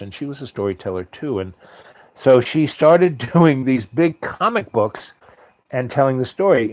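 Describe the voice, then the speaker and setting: A man's voice: medium pitch, a little mellow, no room sound. Rambling middle-aged male storyteller, dry sound. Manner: meandering, full of ums and you-knows. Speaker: storyteller host. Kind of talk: rambling spoken-word storytelling.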